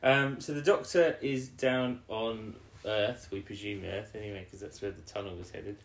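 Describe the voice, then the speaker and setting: A woman recapping an episode in casual chat with a co-host, rambling along and now and then putting on quick voices for the characters. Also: very deep voice, steady tone. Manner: rambling recap with brief put-on quoted voices. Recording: echoey room.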